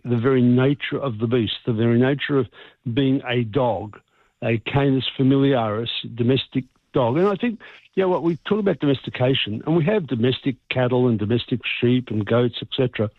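A man's voice: medium pitch, fairly quick. An Australian male vet talks through a radio phone interview, his explanations long and expansive. The sound comes over a narrow, tinny phone line, dry with no room echo. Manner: warm, expansive, rambling explanations. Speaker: veterinarian guest on the phone. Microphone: telephone line.

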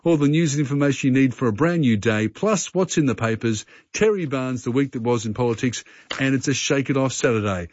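Chatty Australian radio host. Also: male voice, mid-range voice, a little fast, dry recording. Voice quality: chatty, relaxed, with frequent fillers. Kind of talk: early-morning talk radio. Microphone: studio mic. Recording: dry, slightly dull broadcast.

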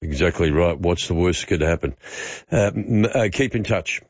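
Lively-voiced Australian radio host. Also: male voice, low-pitched, normal speed, no echo, lo-fi sound. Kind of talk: talk radio.

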